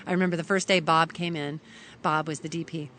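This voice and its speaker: A woman's voice: low-pitched, a little fast, a little hiss or hum. A middle-aged woman from Kentucky, a podcast guest telling a story and acting out the lines of the people in it. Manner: animated, acts out others' lines when quoting them. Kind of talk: storytelling in casual conversation.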